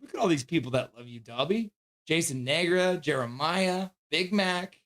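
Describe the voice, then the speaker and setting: A man with a slightly high voice and moderate pace hosts a live fan stream from home, calling the game play by play. He's excitable, crying out at big plays and cooing baby talk to his dog in between.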